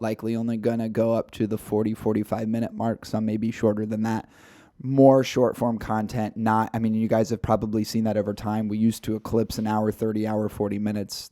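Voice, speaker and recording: A man's voice: on the low side, mellow, no room sound, studio quality. A man co-hosting a casual podcast, talking in a loose, rambling way with fillers. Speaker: podcast co-host.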